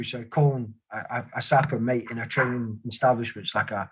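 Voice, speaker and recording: A man's voice: medium pitch, steady tone, fairly quick, a bit bright, breathy edge, rough recording. A man, an army veteran, telling rambling stories in a casual conversation and acting out the voices of the people he quotes. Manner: rambling storyteller who acts out quoted voices.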